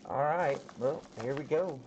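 A man hosting a casual card break, calling out players with slow, drawn-out reactions as he opens packs. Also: on the high side. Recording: slightly dull audio with faint background noise.

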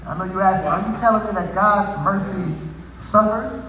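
A male preacher giving a sermon, with repetitive lines that build into shouted crescendos. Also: sits high, normal speed, slight background noise. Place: church sanctuary. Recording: echoey hall from far off.

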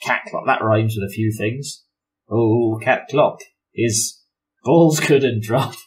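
A kind, reasonable traveller with a lowish voice, played by a man. He rambles politely, with plenty of fillers and restarts. It is a character in a tabletop role-play. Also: lively intonation, moderate pace, close to an everyday voice. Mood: friendly.

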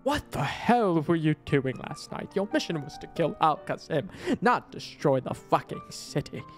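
A man's voice: a little high, big pitch swings, moderate pace, faint music behind. A man voicing a furious male handler in a put-on British accent, scolding and swearing.

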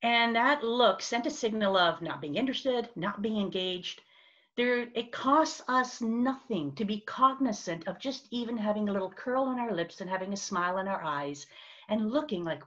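A woman giving a conversational workshop talk over a video call, expressive and acting out little examples as she goes. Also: mid-range voice, normal speed. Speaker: speaker on virtual presence. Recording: dull lo-fi video call audio.

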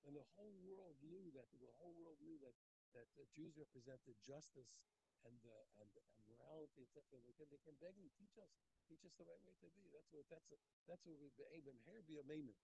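A man teaching a daily Talmud class, animated and talking in quick restarts, repeating phrases as he works through the text. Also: on the high side, creaky, noisy background. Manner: animated, repeats phrases, acts out the text's speakers. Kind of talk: daf yomi Talmud class.

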